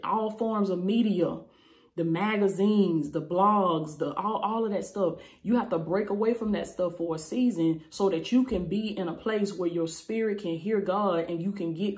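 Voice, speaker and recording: A woman's voice: mid-range voice, a little mellow. A woman preaching an online sermon, fervent and repetitive, calling her listeners baby. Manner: fervent, repeats phrases, calls listeners baby. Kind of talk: YouTube sermon.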